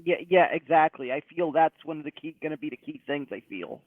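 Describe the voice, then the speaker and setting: Guy calling in, kinda high voice, repeats himself a lot, tinny phone sound. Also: lively intonation, brisk, no room sound. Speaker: podcast co-host. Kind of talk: casual sports talk.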